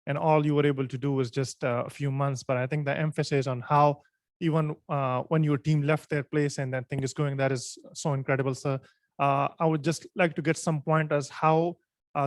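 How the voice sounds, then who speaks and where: A man's voice: a little high, no echo. Polite man asking a hesitant question. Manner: polite, hesitant, many "uh" pauses. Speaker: audience member asking questions. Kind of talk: formal question after a lecture.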